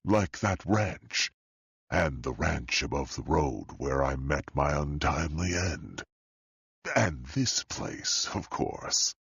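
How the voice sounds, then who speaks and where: A man voicing a sinister, wealthy older male tech mastermind in an audiobook, speaking slowly and calmly with a deep, husky, gravelly voice. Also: no echo, highs cut off, exaggerated voice. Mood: cold, calm. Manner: slow, calm and menacing. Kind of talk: audiobook character voice.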